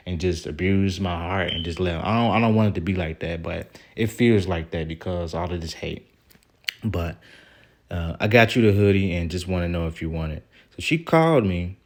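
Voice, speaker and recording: A man talking straight to the camera in a vlog, venting in a rambling, aggrieved way and swearing casually as he reads out old text messages. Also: deep voice. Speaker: vlogger. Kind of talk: venting vlog monologue reading out texts.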